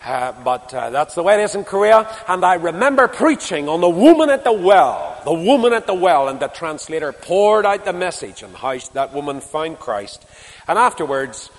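A Northern Irish man delivers an impassioned sermon in a fairly high voice. He climbs to loud emphasis, then drops to quiet asides. A long hall reverb trails every phrase. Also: sing-song, moderate pace. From Northern Ireland. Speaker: preacher.

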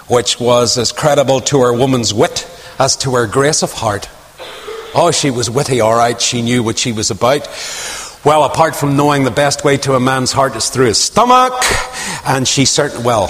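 A man preaching a sermon in an earnest, animated storytelling way, asking rhetorical questions. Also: mid-range voice. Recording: long hall reverb.

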